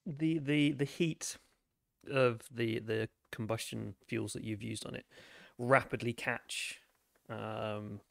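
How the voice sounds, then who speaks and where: A man running a tabletop game as game master, describing scenes in a halting, detailed way. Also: medium pitch, fairly even intonation, vocal fry, no room sound, studio quality.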